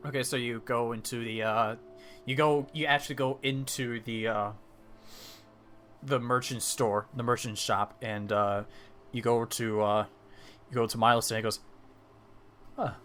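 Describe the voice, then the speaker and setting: A male dungeon master narrates a tabletop game in a bright, forward voice, stumbling through fillers and restarts as he sets each scene. A faint hiss sits under the voice. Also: mid-range voice, fairly even intonation. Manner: halting, many fillers and restarts.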